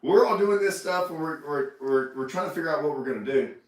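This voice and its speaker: Recorded from a distance in an echoey room of a house, a fishing show host tells a rambling, laughing story on a casual livestream, repeating himself as he goes. His voice is fairly high-pitched, animated and quick.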